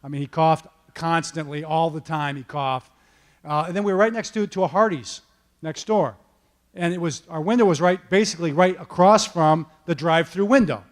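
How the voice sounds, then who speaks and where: High-voiced man telling a lively coaching story. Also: normal speed. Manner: animated, punctuates points with "okay?" and "all right?". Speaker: football coach giving a keynote talk. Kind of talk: motivational storytelling talk. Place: event stage before an audience.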